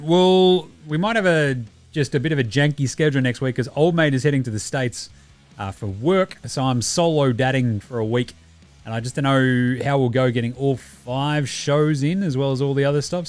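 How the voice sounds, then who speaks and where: A man's voice: on the high side, no room sound. A man with an Australian accent hosting a sports podcast, talking in a laid-back, jokey, slangy way. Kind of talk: casual podcast chat and sign-off.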